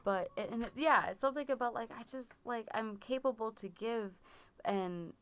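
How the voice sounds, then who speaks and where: A woman's voice: fairly high pitch, moderate pace. A woman giving a tarot reading on a live stream, chatty and rambling, with many fillers. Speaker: tarot reader.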